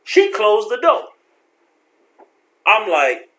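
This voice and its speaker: A man telling a story from his life in a casual vlog, slangy and animated, acting out the people in it. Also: high voice, measured pace, pauses often. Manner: animated, slangy, acts out voices.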